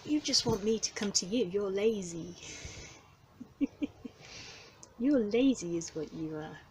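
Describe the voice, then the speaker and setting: A young woman who keeps a cattery, chatting softly to the cats in a gentle, cooing way and often dropping to a whisper. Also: mid-range voice, animated, slow, slight background noise, low-quality recording. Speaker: cattery keeper. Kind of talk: soft chat to cats. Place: indoor cattery. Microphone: handheld camera. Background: faint purring and cattery ambience.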